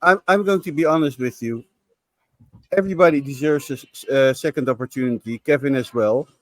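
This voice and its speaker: A man's voice: medium pitch, brisk, dry recording. Opinionated football podcast guy, dry close sound, mid voice. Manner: frank, opinionated, repeats words. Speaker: podcast co-host. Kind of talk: casual football podcast chat.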